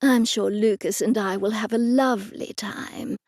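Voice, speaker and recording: A woman's voice: mid-range voice, steady tone, normal speed, a little mellow, no echo, studio quality, natural voice. A woman voicing a smug young female rival who speaks sweetly but insincerely, in a storybook reading. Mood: gloating.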